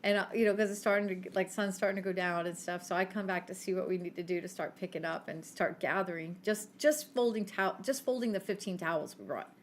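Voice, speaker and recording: A woman's voice: fairly low pitch, fast talker, hardly any pauses, slight background noise. A woman co-hosting a podcast, telling a story in a casual chat and laughing often. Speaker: podcast co-host.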